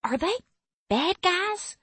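A woman narrator voicing a frightened young woman with a Southern US accent, speaking high and sniffly. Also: sing-song, slow pace, a bit bright, no echo, exaggerated voice. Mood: worried.

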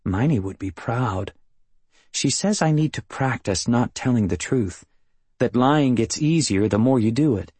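A man reading a first-person novel as an audiobook narrator, measured and matter-of-fact, close to the mic. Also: mid-range voice, expressive, darkish tone, husky, no room sound.

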